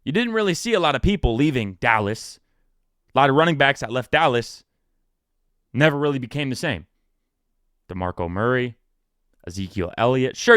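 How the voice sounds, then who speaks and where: In a clean, echo-free studio recording, a man in his twenties hosts a solo sports podcast. He talks casually and jokes around, sounding animated, with his pitch jumping for emphasis.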